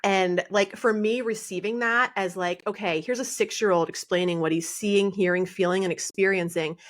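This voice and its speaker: A woman in her forties, a podcast guest, telling family stories with many fillers and quick laughs. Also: medium pitch, steady tone. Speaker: podcast guest, author and coach. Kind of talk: candid podcast conversation.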